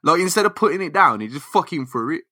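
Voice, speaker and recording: Bright-voiced man bantering. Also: on the high side, expressive, no room sound, studio quality. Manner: jokey, quick banter, says mate. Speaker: podcast co-host. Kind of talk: casual chat.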